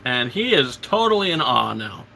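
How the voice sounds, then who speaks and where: A man's voice: mid-range voice, very animated, normal speed, vocal fry, pushed and bright, a little hiss or hum. A man hosting a casual live film commentary, retelling scenes with enthusiasm and stammered restarts. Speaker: host.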